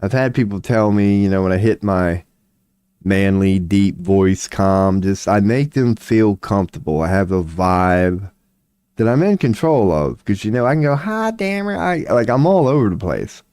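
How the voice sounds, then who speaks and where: A man talks loosely to his stream audience, rambling between tarot readings, swearing and laughing easily. His voice sits low and mellow, worn a little hoarse, and he keeps clearing his throat. The sound is dry and close, with no room around it. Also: lively intonation, normal speed, dry recording. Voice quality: voice going hoarse from long streams. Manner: rambling, swears casually, laughs often, reads chat aloud. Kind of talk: casual live-stream chat.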